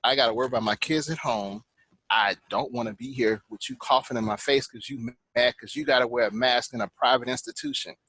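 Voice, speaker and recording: A man's voice: medium pitch, brisk, sharp tone, breathy edge, low-quality recording. A man talking in a casual group podcast chat, venting with frustration and rising emphasis. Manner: exasperated ranting.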